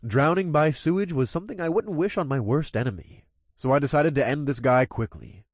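A man's voice: on the high side, a little fast, no room sound, studio quality. A man narrating a gritty first-person story with crude, coarse language.

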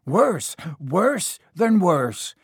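A man voicing a huge, gruff, warm-hearted giant of a man with a rustic dialect, reading from a storybook. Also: high voice, very animated, very slow, no echo, studio quality, full character voice. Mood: worried, confiding.

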